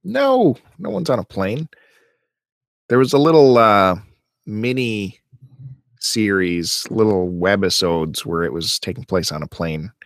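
A man with a fairly low voice co-hosts a casual podcast chat, recorded dry and close. He talks easily and breaks into animated, exasperated rants. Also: unhurried, no room sound. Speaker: podcast co-host.

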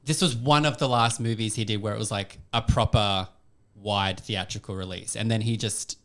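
A man's voice: on the low side, fairly even intonation, normal speed, a bit bright. A man co-hosting a casual movie review podcast, blunt and exasperated, swearing freely. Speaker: podcast co-host.

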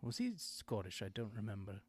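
A man's voice: lowish voice, very animated, a little fast, breathy edge, no echo. A man hosting a podcast in casual chat, rambling and digressing, often correcting himself mid-sentence. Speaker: podcast host.

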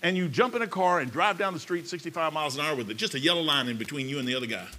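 A man's voice: on the high side, racing, hardly any pauses, bright, forceful tone. A man preaching a folksy, rambling sermon in a church, talking emphatically and conversationally.

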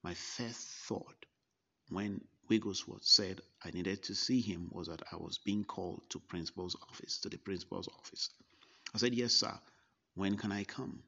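Gravelly man telling a story. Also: sits low, steady tone, pushed and bright. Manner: slow, deliberate recollection with quoted dialogue. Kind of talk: first-person storytelling testimony. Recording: dull lo-fi recording.

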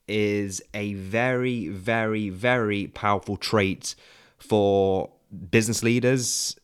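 A man's voice: lowish voice, smooth. A man hosting a solo business podcast, talking conversationally with frequent fillers and "okay?" check-ins. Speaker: podcast host.

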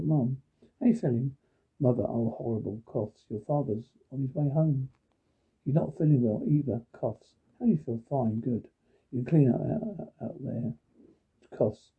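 A man reading aloud all the dialogue and sound cues in a flat, plain way, restarting now and then. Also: medium pitch, creaky, husky. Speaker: reader of captions and sound cues. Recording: tinny phone-like sound.

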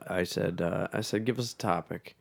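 A man's voice: deep voice, moderate pace, gravelly. A man co-hosting a podcast, blunt and dismissive, swearing casually as he runs the topics. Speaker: podcast co-host. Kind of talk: casual crude banter.

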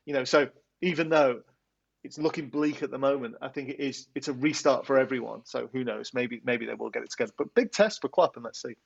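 A man co-hosting a football podcast, chatting casually with frequent restarts and reciting a rhyming recap with lively verse delivery. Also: medium pitch, a little fast, vocal fry, slightly rough. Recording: dull lo-fi remote audio.

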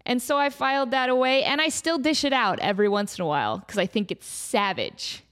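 A woman hosts a comedy podcast, rambling through a silly made-up story while laughing often and acting out goofy voices. She sounds animated, and her voice is on the high side, clear and resonant, with a slightly quick pace.

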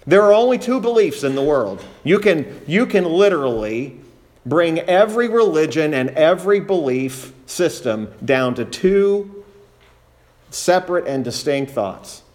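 Male preacher, earnest teaching delivery, a touch higher-pitched than most men. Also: animated, measured pace, darkish tone. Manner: earnest teaching, repeats phrases for emphasis. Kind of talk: sermon.

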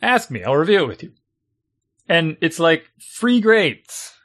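A middle-aged man in casual chat, a parent venting about homework in an exasperated, animated way. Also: a little high, unhurried.

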